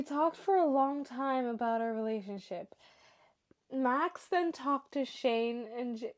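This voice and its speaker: Higher-voiced woman reading stories, emotional asides. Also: lively intonation, takes it slowly. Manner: emotional, chatty asides between read passages. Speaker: story reaction host. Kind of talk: reading stories aloud with reactions.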